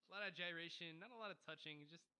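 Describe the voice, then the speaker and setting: A man spins a loose story as a podcast guest, tossing in Spanish words along the way. His voice is bright and forward and sits a little high, and he talks in an animated way. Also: fast talker, clear, resonant tone. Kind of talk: casual storytelling chat.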